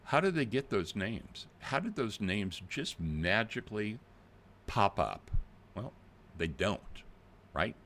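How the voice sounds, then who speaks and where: An older man talks straight to his viewers in a plain-spoken, animated way. His voice is deep and gravelly, and his pitch rises and falls a great deal. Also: slow pace. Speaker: channel host. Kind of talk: casual video commentary.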